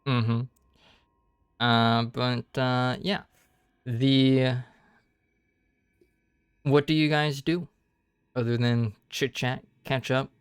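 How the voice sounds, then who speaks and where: Smooth-voiced man running a tabletop game. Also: mid-range voice, flat delivery, extremely slow, pauses often, dry recording, clean studio sound. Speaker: dungeon master.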